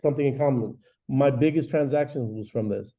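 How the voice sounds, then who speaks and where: Man, forties, real estate class teacher, energetic chatty delivery, deep mellow timbre, muffled lo-fi sound. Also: fairly quick. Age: 40s. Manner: energetic, chatty, acts out phone calls. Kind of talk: live training class talk. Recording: dull lo-fi recording.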